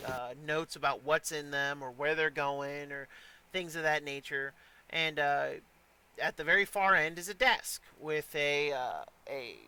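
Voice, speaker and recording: A man's voice: on the high side, background noise. A man narrating a tabletop role-playing session as dungeon master, talking loosely with lots of ums and uhs. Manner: relaxed narration with many fillers.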